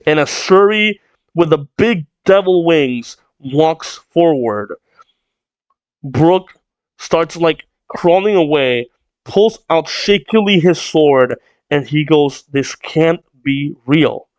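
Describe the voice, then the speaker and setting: A man's voice: on the high side, expressive, takes it slowly, smooth, no room sound, dull audio. A man reading a comic aloud and reacting, rambling and thinking aloud as he goes. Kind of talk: casual read-along reaction.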